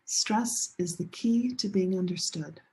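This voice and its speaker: A woman teaching English pronunciation in a slightly husky voice. She speaks slowly and deliberately, drawing out the stressed syllables when she demonstrates words. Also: mid-range voice, dark tone. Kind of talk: classroom teaching.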